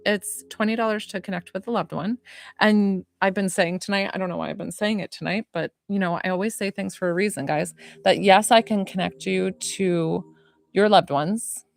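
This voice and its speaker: A woman hosting a psychic medium livestream chats casually and excitedly, rambling and greeting viewers by name while still catching her breath. Her voice is medium-pitched with noticeable vocal fry.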